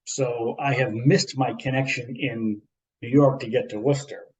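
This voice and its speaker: A man co-hosting a podcast, telling a long anecdote in a rambling, animated way with repeats and asides. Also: mid-range voice, normal speed, slight background noise, low-quality recording. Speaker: podcast co-host. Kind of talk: casual storytelling chat.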